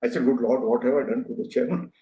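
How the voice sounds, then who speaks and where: Older man, earnest storyteller at a podium, mellow voice, muffled echoey hall recording. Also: mid-range voice, steady tone, quick pace. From India. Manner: anecdotal, earnest, with frequent fillers and restarts. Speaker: speaker giving a talk. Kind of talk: speech to an audience. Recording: echoey hall, dull lo-fi sound.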